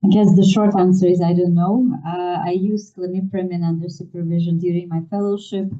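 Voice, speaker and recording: A woman physician answering audience questions in a candid, brief and slightly hesitant way. Her voice is very dark and sits a little low. It sounds dull and far from the microphone. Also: little pitch movement, fairly quick. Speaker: physician panelist.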